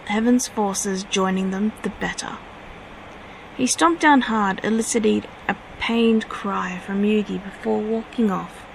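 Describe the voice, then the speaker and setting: A woman reading her own fanfiction aloud at a steady pace, now and then correcting herself. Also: mid-range voice, gravelly, slight background noise, low-quality recording.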